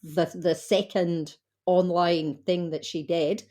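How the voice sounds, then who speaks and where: A woman's voice: fairly low pitch, steady tone, mellow. A woman hosting a podcast, talking in dry, wry casual chat. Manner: dry, wry, quick to agree. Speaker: podcast host.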